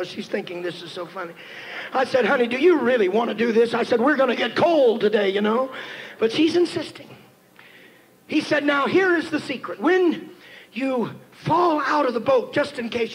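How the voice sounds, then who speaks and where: A man preaching a sermon, telling a story and building to shouted emphasis as he calls on the congregation. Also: very high voice, poor audio. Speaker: pastor. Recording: 1990s church sermon tape with faint hiss.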